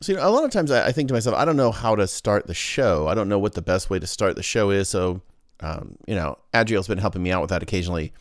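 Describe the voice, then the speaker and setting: A man's voice: fairly low pitch, lively intonation, fast, no room sound, studio quality. A man hosting his own podcast, talking in a goofy, rambling casual monologue full of restarts. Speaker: podcast host.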